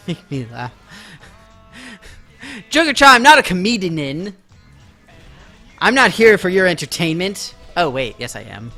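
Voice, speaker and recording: A man chats his way through a live game stream, rambling, laughing often and playfully acting offended at his viewers. His voice sits high and sounds bright and forceful. Faint game music plays underneath. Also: big pitch swings, normal speed. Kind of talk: casual live-stream chat.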